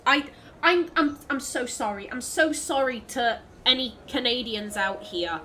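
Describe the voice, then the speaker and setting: A woman's voice: fairly high pitch, measured pace, bright, forceful tone, a little hiss or hum. A woman, chatting through a video game as a let's play host, swearing freely and laughing often. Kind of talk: casual gameplay commentary.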